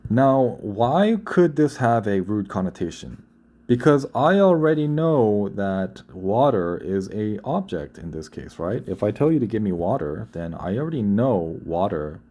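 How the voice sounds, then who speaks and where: A man's voice: fairly low pitch, very animated, unhurried, mellow. A young man teaching a grammar lesson, explaining patiently and often repeating or correcting himself. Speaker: Korean language teacher.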